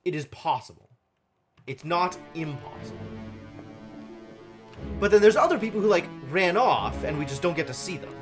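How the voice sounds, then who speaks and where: A man's voice: sits high, big pitch swings, moderate pace, pauses often, over music. A man streaming a game live, thinking aloud and muttering counts to himself as he works through a puzzle. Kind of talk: live gameplay commentary.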